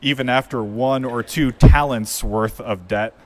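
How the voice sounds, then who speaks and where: A man preaching a sermon as pastor, retelling a parable in a measured, reflective way. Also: medium pitch. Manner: measured, reflective storytelling delivery.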